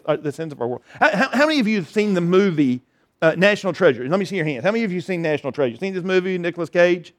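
A man preaching an Easter sermon in a conversational way, with frequent restarts and emphatic repeated phrases. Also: sits high. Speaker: pastor.

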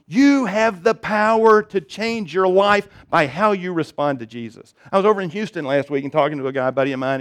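Pastor guy, high-ish voice, jokey stories then punchy appeals. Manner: storytelling, self-deprecating humor, rising emphatic appeals. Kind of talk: sermon.

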